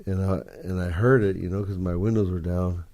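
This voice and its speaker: Low, mellow-voiced man telling a story. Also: fairly even intonation, a little fast. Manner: laid-back, profane, drawling. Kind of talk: casual storytelling.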